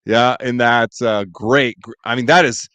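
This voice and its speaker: A man co-hosting a casual podcast, enthusiastic and quick to laugh as he recalls favorite scenes. His voice is smooth and resonant, at an average pitch. The sound is dry and close. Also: steady tone, fairly bright tone, no echo. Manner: enthusiastic, laughs often, quotes movie lines. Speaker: podcast co-host.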